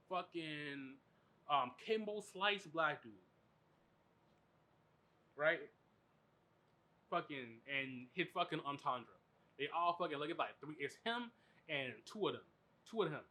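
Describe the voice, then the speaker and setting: Bright-voiced man telling a story. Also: fairly high pitch. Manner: animated, profane, filler-heavy. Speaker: podcast host. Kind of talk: casual storytelling chat.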